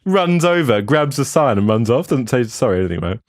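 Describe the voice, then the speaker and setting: A man's voice: mid-range voice, brisk, dry recording, studio quality. A young man co-hosting a podcast, telling holiday stories in sweary casual chat with lots of restarts. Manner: lively, sweary storytelling with many restarts. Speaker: podcast co-host.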